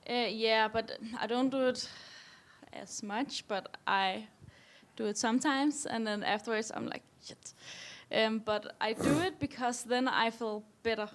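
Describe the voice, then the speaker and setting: A woman from the audience answering questions softly and hesitantly. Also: fairly high pitch, a little slow. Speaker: audience member. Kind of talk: casual chat.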